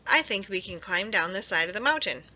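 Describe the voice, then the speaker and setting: A woman voicing a calm, sensible male badger in a storybook, giving firm, steady warnings. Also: mid-range voice, a little fast. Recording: dull lo-fi recording.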